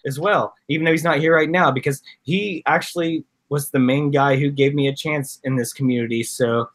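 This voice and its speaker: A man's voice: on the high side, steady tone, a little fast, fairly bright tone. A man on a casual online panel, speaking earnestly and at length. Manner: earnest, heartfelt, rambling. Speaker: panel guest.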